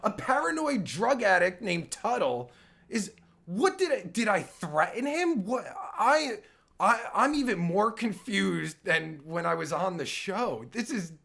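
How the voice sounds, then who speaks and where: A man's voice: high voice, sing-song, measured pace, gravelly, sharp tone. A man hosting his own livestream, reacting to a clip in an exasperated, sarcastic and stammering rant. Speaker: podcast host reacting to a clip.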